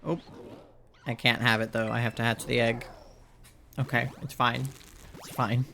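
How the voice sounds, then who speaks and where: Chatty gravelly-voiced man streaming a game. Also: medium pitch, flat delivery, normal speed, sharp tone, slight background noise. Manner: rambling, chatty, playful, with laughs and squeals. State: sleepy, yawning. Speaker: live streamer playing a video game. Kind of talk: casual live-stream gaming commentary.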